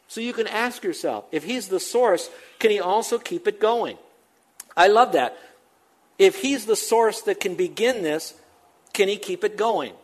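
An older male pastor delivering a sermon. His voice sits a little high for a man. He hammers his points with quick runs of repeated words and then falls to a near hush. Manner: emphatic, with fast repeated phrases and sudden drops to a hush.

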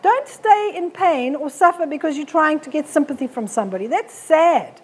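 A woman's voice: high voice, animated, moderate pace, a little mellow. A middle-aged woman, giving a blunt, forthright live health talk to an audience on a handheld mic. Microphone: handheld microphone.

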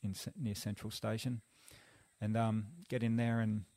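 Australian man, guest, low gravelly voice, animated storyteller. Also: normal speed. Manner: animated, acts out quoted dialogue. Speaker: guest, former rugby league player. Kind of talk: casual storytelling.

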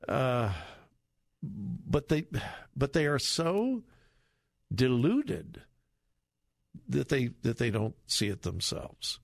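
A man's voice: extremely slow, vocal fry, pauses often, no echo, studio quality. A middle-aged man hosting a talk radio show, giving emphatic, repetitive commentary. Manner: emphatic, repetitive, lively pitch swings.

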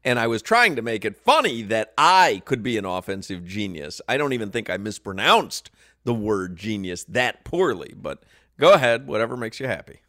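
A man's voice: lowish voice, big pitch swings, moderate pace, sharp tone, no room sound, studio quality. A man hosting a sports radio show, chatting casually and laughing at himself. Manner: laughs often, self-deprecating.

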